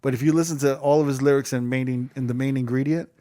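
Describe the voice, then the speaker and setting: A man's voice: medium pitch, steady tone, fast talker, warm tone. A man co-hosting a podcast in casual chat, joking, swearing and acting out other people's voices. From United States. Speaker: podcast co-host, DJ.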